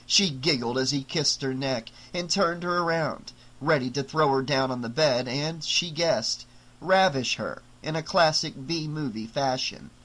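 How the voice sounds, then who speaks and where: A man narrating an unabridged audiobook in a measured, dramatic storytelling way. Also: fairly high pitch, fairly bright tone, low-quality recording.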